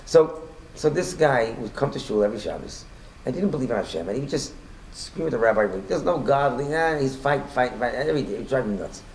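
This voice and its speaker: Quick, gravelly-voiced man teaching Torah. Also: mid-range voice, expressive, a little hiss or hum, low-quality recording. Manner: talks in quick bursts, repeats and restarts, rises loudly when quoting. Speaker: rabbi teaching a Torah class. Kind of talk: casual Torah lesson with storytelling.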